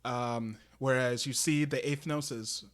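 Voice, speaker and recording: A man's voice: medium pitch, fairly even intonation, a little slow, a little hiss or hum. A man giving a casual live-stream drum lesson, explaining step by step with many fillers and restarts. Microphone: desk microphone that peaks on loud drum hits.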